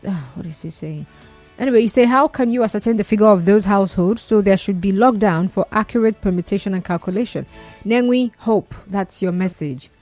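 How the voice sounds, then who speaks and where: A woman's voice: mid-range voice, a little mellow, no room sound, faint music behind. Nigerian woman hosting call-in radio. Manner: chatty, teasing, quick to react with laughs. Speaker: radio talk show host. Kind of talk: call-in radio chat, reading listener messages.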